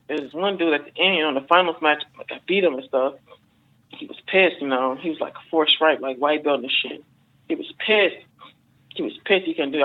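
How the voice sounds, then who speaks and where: A man being interviewed as a fighter, telling stories in a rambling, casual way with lots of fillers and swearing. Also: on the high side. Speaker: MMA fighter guest. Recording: phone-like narrow band.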